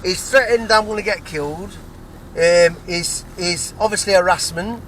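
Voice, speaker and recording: Agitated English man, high-ish voice. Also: normal speed, a bit bright, a little hiss or hum. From England. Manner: agitated, repetitive, restarts often. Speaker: vlogger. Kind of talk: rambling personal monologue.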